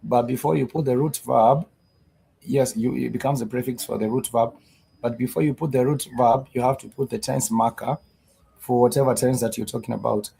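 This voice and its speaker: Gravelly man teaching slowly. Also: mid-range voice, steady tone, mellow, rough recording. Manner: slow, repetitive explaining with many fillers. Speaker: Swahili teacher. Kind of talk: live-streamed language lesson.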